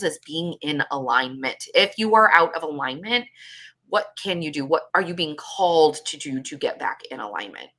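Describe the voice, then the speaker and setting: Low, bright-toned woman host; candid, emotional, swears freely. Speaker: podcast host. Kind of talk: personal storytelling monologue.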